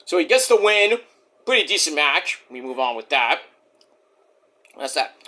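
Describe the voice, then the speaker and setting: Brief: lively, bright-voiced male wrestling reviewer, jokey and foul-mouthed. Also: a little high, measured pace. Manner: rambling, joking, profane. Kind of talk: casual recap vlog.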